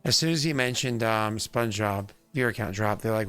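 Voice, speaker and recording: A man with a voice gone hoarse from singing, chatting in a rambling, self-deprecating way as he hosts a tabletop game stream. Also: fairly low pitch, brisk, a bit bright, faint music behind. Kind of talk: casual chat on a live stream.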